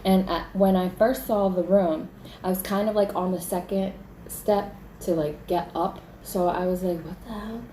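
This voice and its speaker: A woman's voice: lowish voice, fairly even intonation, unhurried, mellow, slight background noise. A woman telling the story of a scary dream in a casual, chatty way, often saying "like" and acting out her own panic. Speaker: vlogger recounting a dream. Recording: roomy echo.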